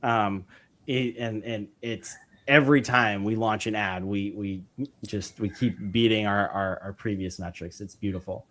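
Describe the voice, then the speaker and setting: A man's voice: fairly low pitch, steady tone, measured pace, fairly bright tone. A man, a podcast guest, talking through his business methods in an enthusiastic, rambling way, with many fillers and restarts. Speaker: podcast guest, real estate investor. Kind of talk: casual interview chat.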